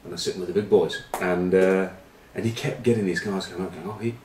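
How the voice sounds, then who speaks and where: A former rugby player chats casually as a pundit, rambling through loose anecdotes full of ums and uhs with dry banter. His voice is low and dark-toned, steady and fast. Captured on a distant mic in a roomy space, the audio carries a little hiss or hum.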